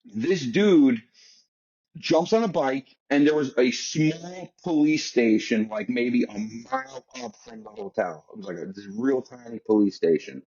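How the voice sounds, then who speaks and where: A man's voice: mid-range voice, sing-song, gravelly, darkish tone, highs cut off. An American man on a call, telling a long, profane travel story in a rambling, casual way. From United States. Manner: rambling, profane, fast bursts. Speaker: guest.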